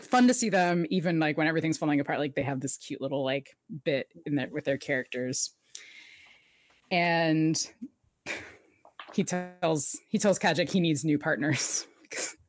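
A woman co-hosting a laid-back recap chat, her voice sitting slightly low. She laughs often and slips into lively quoted character lines as she retells the plot. The sound is dry and close, with no room around it. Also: dry recording. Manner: chatty, laughs often, animated quoting of characters. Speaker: podcast co-host recapping a TV episode. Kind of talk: casual chat.

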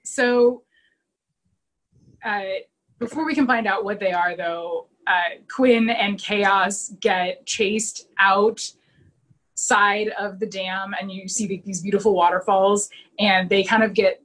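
A woman's voice: mid-range voice, fairly even intonation, takes it slowly, a bit bright. A woman podcast host walks through an episode plot in loose, easygoing conversation. She rambles a little and leans on fillers as she goes. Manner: chatty, rambling, with many fillers. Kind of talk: casual chat.

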